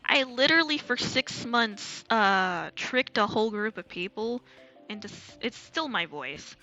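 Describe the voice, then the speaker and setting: A woman streaming live, chatting casually and candidly with crude humor, sliding her voice higher and lower as she talks. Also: expressive, a little slow, pushed and bright, dull audio, soft background music. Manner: candid, crude, laughs often. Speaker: VTuber streamer.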